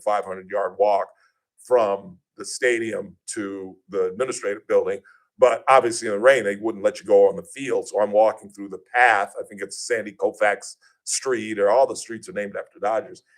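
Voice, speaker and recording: A man hosting a radio talk show, telling stories casually and animatedly, acting out the voices of people he quotes. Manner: animated, acts out quoted voices with big pitch jumps.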